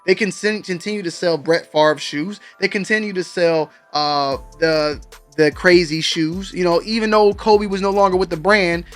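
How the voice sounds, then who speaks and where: Speaking straight to viewers in a relaxed, slang-heavy way, a man hosts a sneaker news program. His voice sits high and holds a steady tone at a moderate pace, with faint music in the background.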